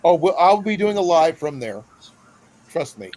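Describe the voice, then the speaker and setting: A man's voice: on the high side, big pitch swings, moderate pace, darkish tone, rough recording. A man from Iowa hosting a casual live stream, talking in a rambling, friendly way with lots of fillers. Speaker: host.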